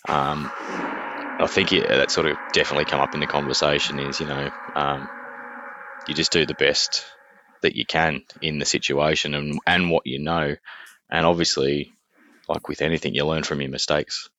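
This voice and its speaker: A man, a father co-hosting a podcast, talking in a relaxed, hesitant way with many fillers. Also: extremely low pitch, moderate pace, a little hiss or hum. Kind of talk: casual podcast chat. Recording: dull, dry muffled mic.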